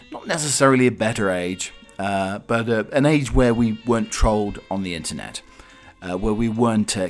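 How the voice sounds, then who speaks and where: Low-pitched man hosting a podcast, meandering and hesitant, faint music bed. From Norfolk, England. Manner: rambling and hesitant, many "uh"s and restarts. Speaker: podcast host. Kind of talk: casual solo podcast chat.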